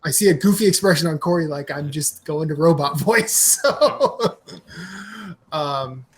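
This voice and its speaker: Slow hesitant man on a glitchy call. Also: fairly high pitch, animated, slightly rough. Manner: hesitant, slow, many pauses. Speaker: podcast co-host. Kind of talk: casual chat. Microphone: online call with freezing audio.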